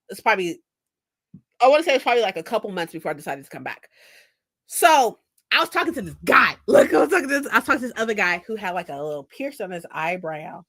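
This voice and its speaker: Bright, lively young woman telling stories. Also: a little high. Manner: animated, profane, laughs often. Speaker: vlogger. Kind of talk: casual storytime.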